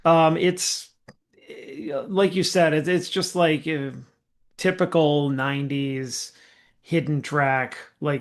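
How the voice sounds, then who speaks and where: Speaking slowly in a steady, rather high voice, a man co-hosts a casual music podcast. During this album-review chat he rates a track in a rambling, hesitant way, with lots of fillers.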